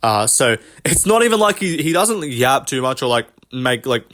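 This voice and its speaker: A man's voice: medium pitch, sing-song, moderate pace, fairly bright tone. A man in a casual commentary rant, rambling from point to point. He swears often and sounds dismissive of the people he talks about. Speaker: MMA commentary vlogger.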